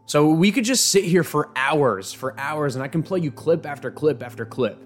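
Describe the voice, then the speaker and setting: A man's voice: on the high side, animated, normal speed, soft background music. A man hosting an opinion commentary on video clips, indignant and emphatic, often stumbling and repeating words. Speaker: show host.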